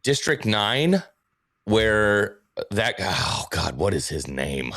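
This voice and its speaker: Low, lively-pitched rambling man. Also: slow, no room sound, studio quality. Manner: rambling, hunting for words with many fillers. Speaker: guest streamer. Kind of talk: casual livestream chat.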